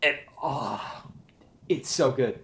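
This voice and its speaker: A man hosting his own show, giving an excited, gushing solo movie review. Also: medium pitch, takes it slowly, slight background noise. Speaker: show host, film reviewer.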